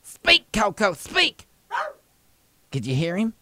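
A man's voice: high-pitched, wildly swooping pitch, takes it slowly, sharp tone, no room sound, full character voice. A man voicing a chatty older southern woman making a prank phone call, with a folksy Southern drawl. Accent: American Southern.

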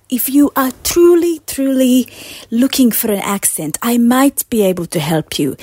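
A woman voicing a solemn biblical man from Nazareth in a recorded voice message, with slow weighty pauses and rounded words. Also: on the high side, mellow, dry recording. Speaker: host's wife.

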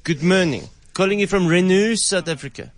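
A man's voice: high voice, brisk, voice pushed up, natural voice. A radio host putting on a thick French accent to play a pompous male company boss in a prank call. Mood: mock formal. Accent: put-on French. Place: radio studio.

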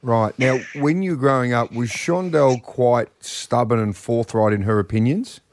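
A man's voice: medium pitch, normal speed, dry recording. A man hosting a radio show, encouraging and upbeat as he chats with a prize winner. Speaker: radio host.

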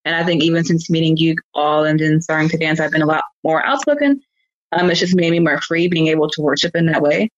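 A woman's voice: sits low, quick pace, lo-fi sound. A woman talking earnestly and from the heart as a guest in a casual conversation. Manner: earnest, heartfelt, laughs easily. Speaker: guest, praise dancer.

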